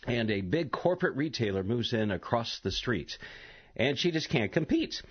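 A husky-voiced male talk radio host speaks with animated pitch on a live call-in show. He's chatty but halting, full of ums and other fillers, and the broadcast audio sounds dull and lo-fi.

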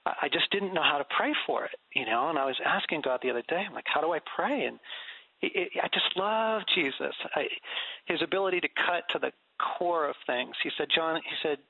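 Gravelly middle-aged man on a phone-like line. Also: a little high, a little fast, no echo. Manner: animated storyteller, laughs often. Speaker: guest author on prayer. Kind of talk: conversational faith interview. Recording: dry, phone-like radio sound.

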